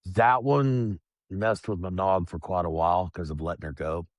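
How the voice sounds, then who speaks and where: A man speaking as a podcast guest, telling his own story in a plain, calm and reflective way. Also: sits low, moderate pace, no room sound. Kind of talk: candid personal storytelling.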